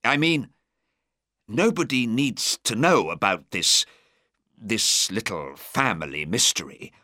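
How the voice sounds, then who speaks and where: A man's voice: on the low side, lively intonation, takes it slowly, dry recording, clean studio sound, exaggerated voice. A man voicing a tired, older nobleman who is proud but shaken, speaking in a weary, strained way. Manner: weary, strained, sometimes sharp.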